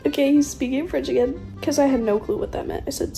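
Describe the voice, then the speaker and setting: A high-pitched young woman in her twenties with a mellow tone tells a comic story, giggly and profane. She sounds animated throughout, with faint music beneath her voice. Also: slow, long pauses. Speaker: vlogger.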